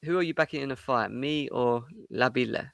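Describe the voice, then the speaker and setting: A man hosting a casual podcast, reading out viewer questions in a relaxed, easygoing way. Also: mid-range voice, a little fast, gravelly, a crowd in the background. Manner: relaxed, easygoing, laughs along. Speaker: podcast host.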